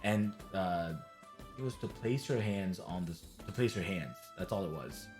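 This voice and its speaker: A man's voice: sits low, expressive, moderate pace, over music. A man running a tabletop game as game master, narrating loosely and chattily with frequent fillers.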